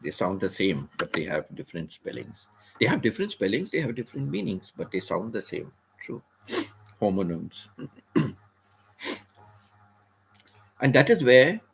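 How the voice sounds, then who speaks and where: A man hosting a casual livestream, explaining words patiently and repeating phrases, with the occasional throat clear. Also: lowish voice. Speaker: livestream host. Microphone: computer or phone mic, seated.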